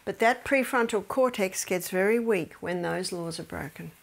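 Gravelly woman giving a faith-based health lecture. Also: mid-range voice, normal speed. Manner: animated storytelling, drops to near-whispers.

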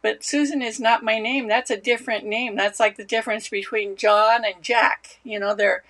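A woman's voice: on the high side, steady tone, normal speed. A woman hosting a knitting live stream, chatting casually and greeting viewers by name. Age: older. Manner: warm, chatty, reads out viewer names.

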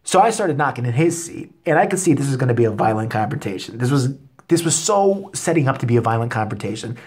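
A man with a husky, middle-pitched voice rants straight to his viewers, swearing all the way through. He tells his complaints as a heated story and keeps building up steam as he goes. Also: sing-song, fast talker, darkish tone. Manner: angry, expletive-heavy storytelling. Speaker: vlogger. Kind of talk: profane comedic rant.

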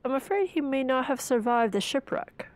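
A woman's voice: sits high, lively intonation, moderate pace, voice pushed up. Woman putting on a formal male mayor. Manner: formal, old-fashioned speech. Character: pompous middle-aged male town mayor.

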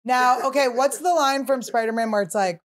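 A woman's voice: sits high, a little fast. A woman hosting a casual comedy podcast, teasing and giggly as she steers the chat. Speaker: podcast host.

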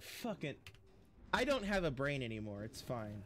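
A man's voice: mid-range voice, very animated, moderate pace. A man casually commenting on a video game as he plays, joking and swearing, talking to his chat and to characters on screen. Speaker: streamer playing a video game.

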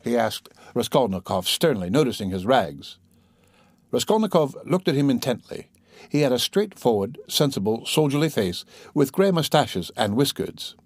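A man's voice: mid-range voice, very animated, moderate pace, no room sound, clean studio sound. Man narrating a classic novel. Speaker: audiobook narrator.

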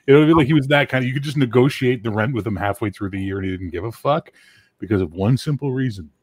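A man's voice: mid-range voice, fast talker, a little mellow, breathy edge, no echo. A man telling stories in a casual podcast chat, emphatic and full of swearing. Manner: profane, emphatic storyteller.

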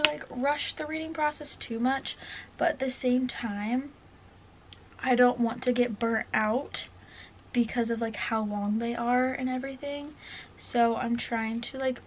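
A young woman talks casually to her camera at home, gushing and excitable, peppering her sentences with "like." Her voice sits high. A faint background noise hangs under the recording. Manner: gushing, excitable, says "like" a lot. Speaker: book vlogger. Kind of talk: casual reading vlog chat.

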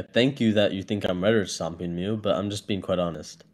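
A man's voice: low voice, fairly quick. A man in a heated online voice-chat debate, defensive and insulting, pushing back with stammers. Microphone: phone.

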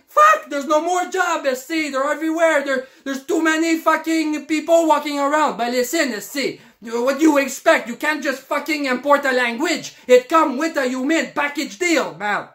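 A man's voice: very high-pitched, moderate pace, few pauses, fairly bright tone. A man playing a cocky, crude Montreal guy who rants in broken English with a Quebec French accent. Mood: ranting. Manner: profane, blunt, broken English. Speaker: comedy character. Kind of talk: comic rant to camera.

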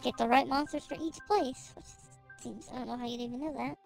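Playful high-voiced woman streaming a game. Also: brisk, gravelly, darkish tone, soft background music, low-quality recording. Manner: playful, giggly, reads game dialogue aloud. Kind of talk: live game stream commentary.

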